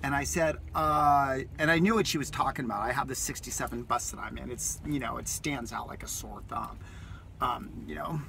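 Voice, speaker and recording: A man's voice: medium pitch, normal speed, gravelly, pushed and bright, a little hiss or hum. A man vlogging from his parked vehicle, telling a rambling, enthusiastic story in a casual way that repeats itself.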